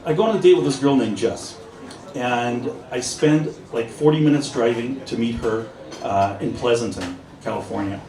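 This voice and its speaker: A former officer gives a live storytelling talk at a busy pub, recounting humorous anecdotes and playing out the dialogue. His medium-pitched voice is mellow at a normal speed, captured from far off in an echoey room with a crowd.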